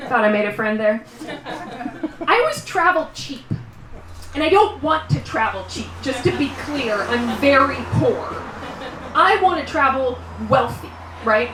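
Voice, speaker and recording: A woman from Canada performing a live stand-up comedy set, chatty and rambling, with quick asides and mock complaints. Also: fairly high pitch, lively intonation, a crowd in the background. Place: live show at a small guesthouse venue. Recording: roomy distant live room sound.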